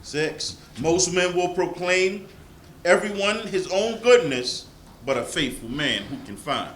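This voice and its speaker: A man reading numbered scripture verses aloud in a measured, formal way during a service. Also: high voice, expressive, a bit bright, echoey room, a little hiss or hum, poor audio. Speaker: scripture reader.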